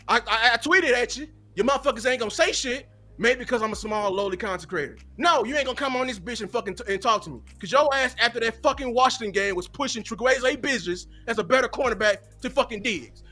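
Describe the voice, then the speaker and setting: A man's voice: high-pitched, bright, forceful tone. Heated, profane man ranting. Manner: heated, profane, fast-flowing tirade. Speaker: content creator. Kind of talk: live watch-party rant.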